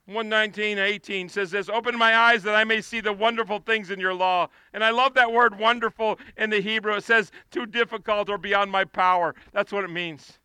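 High, bright impassioned preacher man. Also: steady tone, fairly quick, hardly any pauses, clear, resonant tone, no room sound. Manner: impassioned, rising to pleading shouts. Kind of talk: sermon. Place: outdoors.

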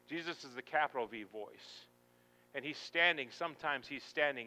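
A man preaching a sermon, swinging dramatically between loud shouting and near-whispers. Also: medium pitch, moderate pace, slight background noise.

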